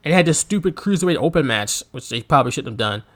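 A man's voice: fairly high pitch, fast. A man co-hosting a casual wrestling podcast, telling stories with laughter and acted-out quotes. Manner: animated storyteller, laughs often, acts out quotes. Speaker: podcast co-host.

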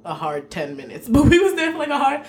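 A woman in casual conversation, telling a story with a lot of slang and frequent laughter. Her pitch swings up and down as she talks. A faint hiss of noise sits behind her voice. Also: very animated, fast talker. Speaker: podcast co-host. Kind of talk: casual chat.

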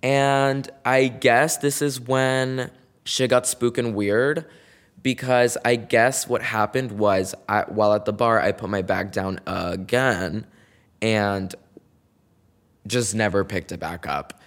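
A man's voice: lowish voice, fairly even intonation, slow. A man hosting his own podcast, telling a story in a chatty, dramatic way with lots of slang and "like". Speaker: podcast host. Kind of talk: casual solo storytelling.

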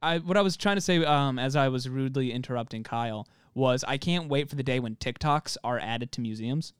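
A man's voice: medium pitch, brisk, smooth, no room sound, clean studio sound. A man in his twenties co-hosting a podcast in casual chat, laughing often and swearing casually. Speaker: podcast co-host.

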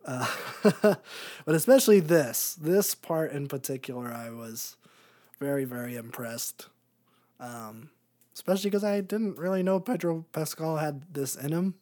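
A man's voice: on the high side, expressive, measured pace. Laid-back rambling podcast guy. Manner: rambling, laughs often, trails off into quiet filler. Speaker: podcast co-host. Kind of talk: casual chat.

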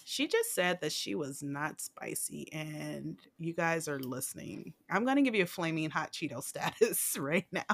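A woman's voice: sits low, animated, normal speed, creaky, hardly any pauses. A woman co-hosting a podcast in casual chat, blunt and profane, often laughing and going off on tangents. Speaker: podcast co-host.

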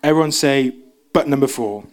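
A young man preaching a casual sermon in church, chatty and self-interrupting, acting out quoted voices in a raised pitch. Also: moderate pace.

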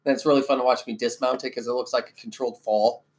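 A man from Iowa, relaxed and jokey, chatting as an interview guest. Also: medium pitch, quick pace. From Cedar Rapids, Iowa. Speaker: school staff member, interview guest. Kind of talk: casual interview chat.

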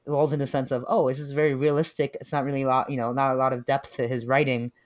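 A man's voice: mid-range voice, rapid-fire. Joking young New guy. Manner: animated, joking, laughs often. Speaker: podcast co-host. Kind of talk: casual chat about books.

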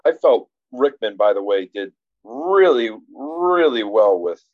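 A man's voice: mid-range voice, very animated, measured pace, narrow, tinny audio. A man in casual conversation about a film, thinking aloud with frequent restarts. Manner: rambling, many restarts and fillers, reflective. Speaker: podcast co-host discussing a film.

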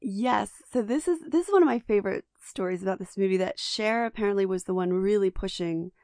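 A woman's voice: mid-range voice, a little fast, a little mellow, no echo, studio quality. A woman co-hosting a podcast, chatting enthusiastically about a film with lots of restarts. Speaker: podcast co-host. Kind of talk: casual film discussion.

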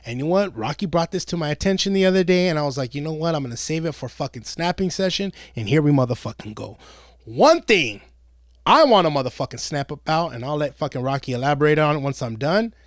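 A man's voice: on the high side, expressive, quick pace, no echo, studio quality. A man co-hosting a podcast, ranting in a crude, profane, comedic way and swearing constantly. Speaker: podcast co-host.

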